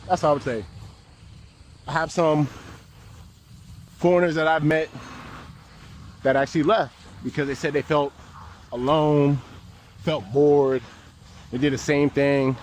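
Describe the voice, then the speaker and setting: A young American man vlogging outdoors, talking in a slangy, laid-back, animated way as he walks city streets. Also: on the high side, a little slow, pauses often, a little hiss or hum. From United States. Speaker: travel vlogger. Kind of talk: casual walk-and-talk vlog.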